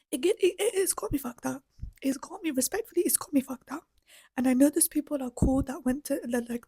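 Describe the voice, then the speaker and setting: A woman hosting her own podcast, delivering a heated, profane, repetitive rant while her voice is going hoarse. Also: high-pitched, mellow, dry recording. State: losing her voice. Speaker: podcast host. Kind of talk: solo ranting commentary.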